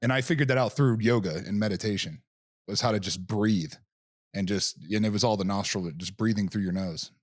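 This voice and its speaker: A man's voice: on the low side, a little fast, dry recording. Casual male podcast host, dry sound. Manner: relaxed, rambling, many fillers and restarts. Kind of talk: casual chat.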